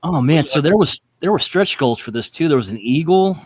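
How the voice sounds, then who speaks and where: A man co-hosting a casual collector chat, talking in an animated way with laughs and quick asides. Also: on the high side, no room sound. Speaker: co-host.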